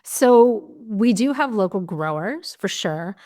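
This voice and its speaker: A woman hosting a podcast, telling stories in a candid, animated way and swearing casually. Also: medium pitch, slow pace. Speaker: podcast host. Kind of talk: casual conversational interview.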